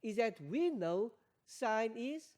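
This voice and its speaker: A woman's voice: a little high, sing-song, takes it slowly, darkish tone. A woman teaching an exam revision maths lesson, repeating key points and quizzing learners with questions. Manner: addresses learners as guys.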